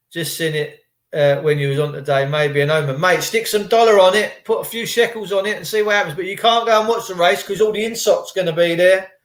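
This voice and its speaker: A man vlogging a rambling, preachy spiritual monologue to his viewers in casual slang. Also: on the high side. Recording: echoey room.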